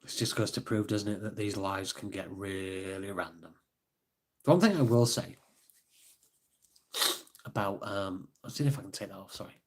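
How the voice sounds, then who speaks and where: A man's voice: low-pitched, moderate pace, long pauses. A man chatting casually on a live stream, rambling and easygoing as he reads out viewer comments. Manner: rambling, laughs easily, reads chat comments aloud. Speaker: livestreamer and author.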